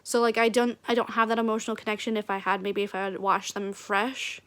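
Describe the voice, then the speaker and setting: A woman's voice: medium pitch, steady tone, fast, a bit bright. A young woman chatting casually to camera in a book vlog, rambling with many fillers as she vents. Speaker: book vlogger.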